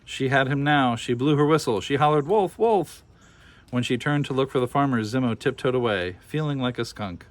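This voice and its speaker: A man reading a children's picture book aloud with expressive, animated storytelling. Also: medium pitch, a little fast, few pauses, no room sound. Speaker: storybook reader.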